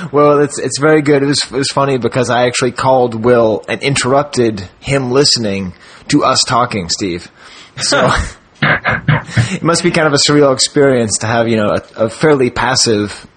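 A man's voice: mid-range voice, normal speed, a little hiss or hum. A man co-hosting a collectors' podcast, talking in a chatty, casual way and laughing often. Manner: chatty, laughs often, lively when excited. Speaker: podcast co-host. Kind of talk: casual chat.

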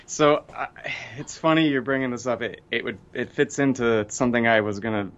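A man's voice: mid-range voice, brisk, a bit bright, dull audio, a little hiss or hum. A man co-hosting a podcast, easygoing and laughing often. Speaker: podcast co-host. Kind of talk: casual podcast chat.

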